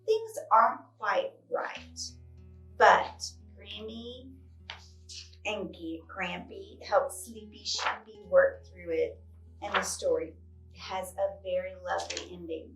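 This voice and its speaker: A woman librarian recommending children's books, telling their stories in an animated way with frequent exclamations. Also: medium pitch, slow pace. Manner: animated storytelling, exclaims often. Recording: roomy echo, distant mic, faint guitar music.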